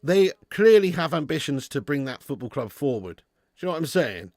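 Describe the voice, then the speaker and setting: A man's voice: fairly high pitch, sing-song, fairly quick, darkish tone, no room sound, studio quality. A man hosting a live football watch-along stream, reading out donations and bantering with viewers in a chatty manner with frequent laughs.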